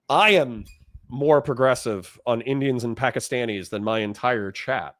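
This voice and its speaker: A man's voice: medium pitch, a little slow, a bit bright, dry recording. Man, livestream host, from Florida, blunt and rambling, reads chat aloud, dry close sound. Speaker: livestream host reading donations. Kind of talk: casual livestream commentary.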